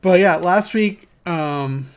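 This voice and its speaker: A young woman with a notably low voice co-hosts a gaming podcast. She chats casually, tosses in quick asides and laughs easily. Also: a little mellow. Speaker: podcast co-host. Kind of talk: casual chat.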